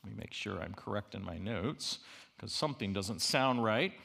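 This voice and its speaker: A middle-aged man preaches with a gravelly, bright-edged voice. He is animated and humorous, punching some lines loudly and dropping others to near-hushed asides. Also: fairly low pitch, moderate pace. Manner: animated, swings from loud emphasis to quiet asides; humorous storytelling. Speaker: university chapel speaker. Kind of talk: preached sermon.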